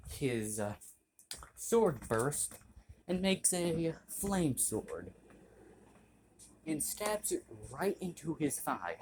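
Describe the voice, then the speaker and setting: Man, casual story narration, rambling, profane, slow, middle pitch. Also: darkish tone, a little hiss or hum. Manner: rambling, swears, corrects himself.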